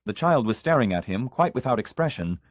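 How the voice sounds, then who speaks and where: A man narrating an audiobook of short stories in an expressive storytelling manner. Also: mid-range voice, fairly quick, no room sound.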